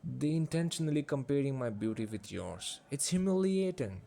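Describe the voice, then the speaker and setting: A vain, merciless young devil princess, read aloud by a man in an audiobook tale. She talks down to her maid with mocking pride, her voice sitting a little higher than his usual tone. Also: lively intonation, normal speed, vocal fry, mellow. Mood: haughty. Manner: proud, mocking. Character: haughty cruel devil princess, young woman.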